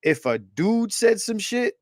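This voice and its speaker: A man's voice: high voice, very animated, unhurried. A man from Brooklyn, New York, co-hosting a casual commentary chat in a laid-back way, full of chuckles and slang. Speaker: podcast co-host.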